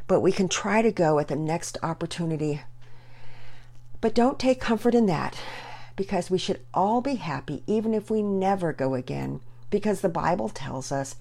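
A woman's voice: lowish voice, a little mellow. A woman as a devout, earnest father. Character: devout, gentle sick father teaching his children.

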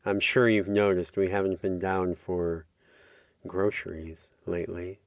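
Calm courteous monk in a horror tale, voiced by a deep-voiced man, slow delivery. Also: no echo, studio quality. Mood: eerie. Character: hooded monk, calm and eerily polite.

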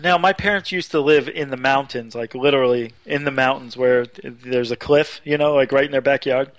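A man telling a long story on a radio talk show, getting more animated and higher as he goes. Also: brisk, no echo. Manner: animated storyteller, rising pitch when excited. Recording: dull lo-fi radio audio.

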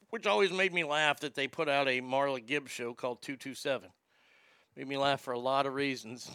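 Gravelly, profane man telling family stories. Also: medium pitch, sharp tone, dry recording. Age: adult. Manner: candid, profane, rambling. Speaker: storyteller. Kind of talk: casual storytelling to a familiar audience.

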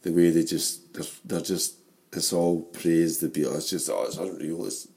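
A Scottish man in his forties talking football and family, lively and quick to laugh. His voice sits fairly low and has a slight hoarseness from wear. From Scotland. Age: 40s. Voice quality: animated, laughing storyteller. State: losing his voice. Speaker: podcast co-host. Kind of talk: casual football chat.

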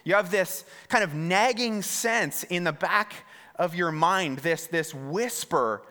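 Speaking slowly with a high, sharp voice, a pastor delivers a sermon in a large church hall. He often repeats words and stumbles into restarts, addressing the congregation directly with questions.

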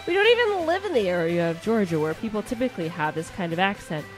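A woman's voice: medium pitch, big pitch swings, fast, faint music behind. A young woman with a Midwestern accent, co-hosting a comedy podcast and reading listener letters in a chatty, rambling way. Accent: Midwestern American. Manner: chatty, rambling, frequent restarts and laughter. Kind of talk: casual comedy podcast chat.

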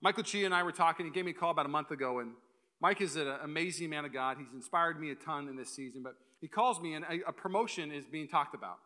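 A young male pastor preaches in quick, energetic bursts, his voice bright and forceful. He keeps slipping into playful asides before driving the point home, pitched a touch high for a man. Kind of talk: sermon. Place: church hall.

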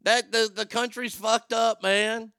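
A man's voice: sits high, level tone, unhurried, pushed and bright, clear, resonant tone, dry recording, studio quality. A man hosting a comedic news commentary show, rambling sarcastically and swearing freely. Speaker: show host.

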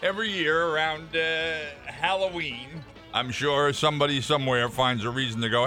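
A man's voice: a little high, fairly even intonation, sharp tone, faint music behind. A man co-hosting a morning radio show, reading the weather and teasing his partners with dry jokes. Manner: wry, teasing, halting with fillers. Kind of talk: casual on-air banter.

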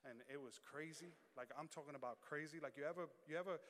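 A man preaching a sermon as pastor, animated, dropping low and quiet then building to loud shouts. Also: fast talker. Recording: long hall reverb.

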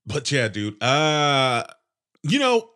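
Young male podcast host, congested nose, sarcastic profane rambling, lively pitch. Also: takes it slowly. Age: 20s. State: congested nose, clearing throat. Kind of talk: casual solo podcast rant.

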